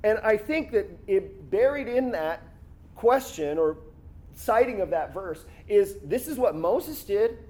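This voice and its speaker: A man preaching a sermon in an animated, conversational way, acting out quoted lines. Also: high-pitched, measured pace. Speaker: pastor.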